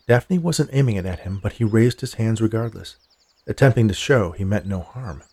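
Male narrator for dark folk horror; gravelly, low, measured. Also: animated.

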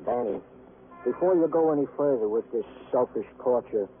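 A man's voice: medium pitch, normal speed, close to an everyday voice. An actor playing a verbose, fussy male police sergeant with flowery, roundabout phrasing in a 1950s radio drama. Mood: chiding. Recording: tinny old radio broadcast with hiss.

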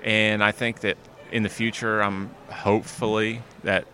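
A man's voice: lowish voice, little pitch movement, unhurried, bright, forceful tone, a little hiss or hum. A man from New Jersey who speaks with a North Carolina drawl, easygoing and laid-back, chatting casually as an interview guest at a busy outdoor event. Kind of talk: casual chat.

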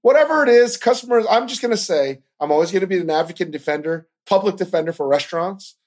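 A man hosts a podcast and rants in casual commentary. He swears constantly and flares into animated outbursts. His pitch swoops widely as he talks. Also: quick pace. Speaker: podcast host.

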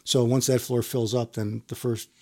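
A middle-aged man who works as a firefighter gives a halting, meandering account in an interview, with repeated words and frequent chuckles. His pitch is medium and his tone level and dark.

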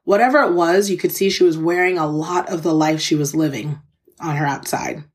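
A woman's voice: sits low, a little fast. A woman hosting a podcast, telling a personal story in an earnest, candid, conversational way, speaking straight to her listeners and openly moved by what she recalls. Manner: faith-filled, conversational, addresses listeners directly. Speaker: podcast host.

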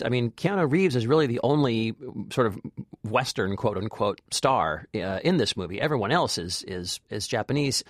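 A man's voice: mid-range voice, no room sound, studio quality. A man co-hosting a movie review podcast, chatting casually with lots of fillers and restarts. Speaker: film critic podcast co-host.

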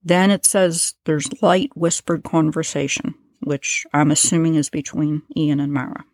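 A woman with a low voice narrates a true-crime story in a relaxed, conversational way, stopping to explain what she reads from a transcript. The sound is dry and close, with no room around it. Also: a little slow, dry recording. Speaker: podcast host.

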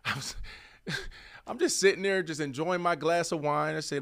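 Animated man debating football, slightly high voice. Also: normal speed. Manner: animated, argumentative, swings loud and soft. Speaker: podcast co-host, former wide receiver. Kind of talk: casual sports debate.

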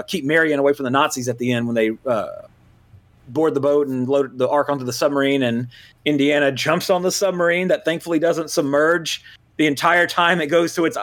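A man's voice: fairly high pitch, fairly bright tone. A man from Louisiana, hosting a movie podcast in loose casual chat, full of fillers and self-corrections. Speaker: podcast host.

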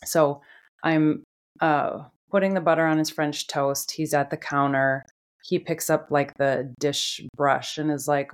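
A middle-aged woman, a podcast host, chatting casually and telling a funny home story with animated laughter. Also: low-pitched, measured pace.

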